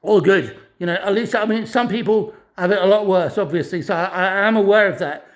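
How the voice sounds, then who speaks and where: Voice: mid-range voice, a little fast. A speaker giving a distressed, angry rant to camera, swearing constantly and stammering over restarted phrases. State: distressed and furious. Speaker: vlogger living in a hostel. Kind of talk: angry ranting monologue.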